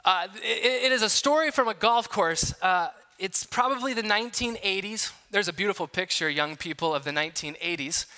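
A middle-aged male pastor gives a conversational sermon in a church hall. His voice sits high and rings very bright. He tells stories, jokes with the room and throws questions to the congregation. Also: a little fast, few pauses.

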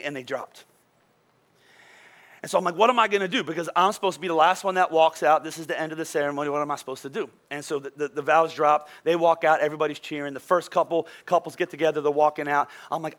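A man preaching as a pastor, telling a funny personal story in a lively, self-deprecating way before giving sermon points. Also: fairly high pitch, fast. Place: church auditorium.

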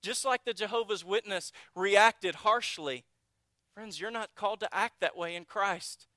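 A man's voice: high-pitched, unhurried, pushed and bright, no room sound. A man preaching a sermon as pastor, earnest and blunt, asking the congregation rhetorical questions.

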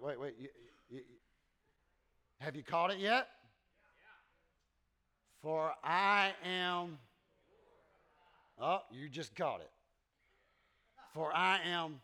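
A man preaching a sermon, animated and repetitive, leading the congregation in call-and-response in a church. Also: a little high. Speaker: pastor. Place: church sanctuary.

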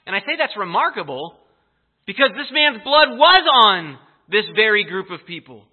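A man preaching a sermon, telling the story in an animated, emphatic way. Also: sits high, moderate pace. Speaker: pastor. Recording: tinny phone-like audio.

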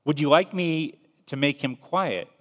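A man voicing a calm, insistent flaming angel who keeps asking the same question. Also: fairly high pitch, unhurried, voice pushed up, natural voice. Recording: long reverb.

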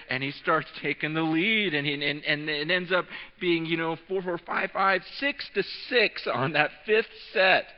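A man in his thirties preaching a sermon, telling a story with excitement, often repeating and restarting his words. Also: a little high. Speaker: pastor. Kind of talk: sermon with an animated storytelling aside. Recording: echoing hall, dull lo-fi sound.

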